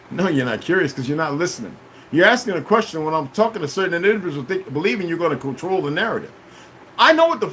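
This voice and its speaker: High-voiced man in a cursing livestream rant. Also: a little hiss or hum. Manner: confrontational, cursing, shifts between shouting and low muttering. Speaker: livestreamer answering chat.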